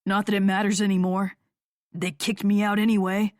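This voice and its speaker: A woman narrator voicing a bitter male rock musician in an audiobook, in a lower, flat, growling tone. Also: normal speed, no room sound, clean studio sound, natural voice. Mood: angry. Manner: low, flat, growling delivery. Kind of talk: audiobook character voice.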